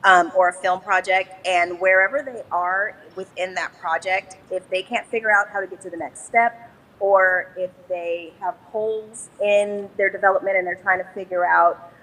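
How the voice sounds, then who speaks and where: Woman, interview guest, casual chat, upbeat, laughs often, bright voice. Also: mid-range voice, fairly even intonation, moderate pace, low-quality recording. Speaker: guest, business developer.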